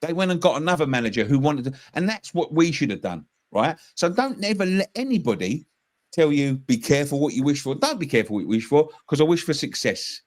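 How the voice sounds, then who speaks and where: A man's voice: on the high side, big pitch swings, brisk. A man, a passionate football fan pundit arguing heatedly and swearing in a casual debate. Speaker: West Ham fan pundit.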